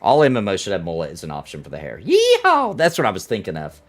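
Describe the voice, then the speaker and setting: Lively, jokey male game streamer. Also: deep voice, rapid-fire, gravelly. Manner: playful, jokey, talks to chat and his game. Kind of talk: casual live-stream chat while playing.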